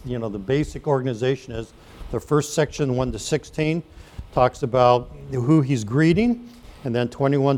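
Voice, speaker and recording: A man's voice: medium pitch, a little mellow. A man preaching a sermon in a conversational way, explaining step by step and often correcting himself mid-phrase. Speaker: pastor.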